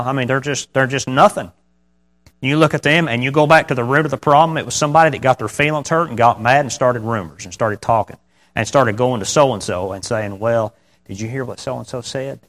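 A man's voice: medium pitch, a bit bright. Man preaching a conversational sermon. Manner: conversational preaching with rhetorical questions; reads scripture in King James wording. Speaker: pastor.

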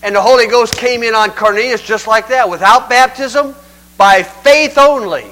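Older male preacher, high and crisp voice, homespun conversational delivery. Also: moderate pace, bright, forceful tone, low-quality recording. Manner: folksy, conversational, acts out scripture quotes. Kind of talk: sermon.

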